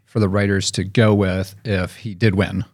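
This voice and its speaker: A man's voice: low-pitched, flat delivery, moderate pace, darkish tone. A man hosting a podcast in a casual, chatty way, laughing often. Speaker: podcast host. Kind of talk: casual chat.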